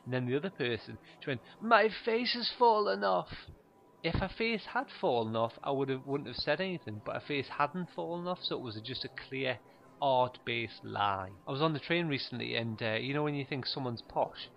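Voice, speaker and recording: A man telling stand-up stories in a deadpan, rambling way, full of fillers. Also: medium pitch, brisk, vocal fry, muffled recording. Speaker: stand-up comedian. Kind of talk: stand-up monologue.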